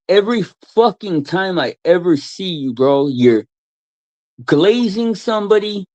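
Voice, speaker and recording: A man's voice: a little high, darkish tone, dry recording. A man ranting at someone in a heated chat, swearing heavily and mocking him. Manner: profane, ranting, mocking with put-on voices. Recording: dry, dull lo-fi sound.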